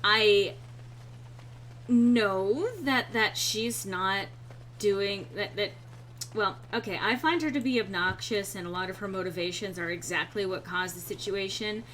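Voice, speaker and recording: A woman streamer chatting casually over gameplay, reading chat aloud, frank and quick to swear. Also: mid-range voice, fairly bright tone, a little hiss or hum.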